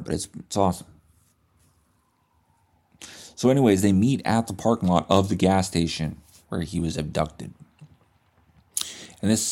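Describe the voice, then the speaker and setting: A man hosts his podcast and retells a movie in a loose, swearing storytelling style. His voice is low and deep, with a mellow, relaxed tone. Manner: profane, animated retelling with restarts. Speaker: podcast host. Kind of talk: casual storytelling chat.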